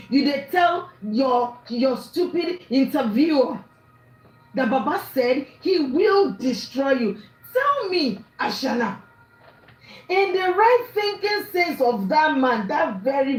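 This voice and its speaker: Her voice sits high as this Nigerian-accented woman, an online commentator, furiously scolds in a mix of English, Pidgin and Yoruba. The audio is poor and reverberant.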